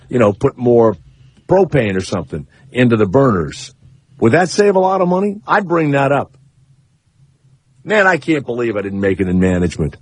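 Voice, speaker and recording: A man hosting a radio talk show, rambling through comic stories in a sarcastic way and taking calls in a studio. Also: dry recording. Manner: rambling, sarcastic, swings up high for emphasis. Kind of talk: comic radio monologue and call-in chat. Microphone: studio microphone.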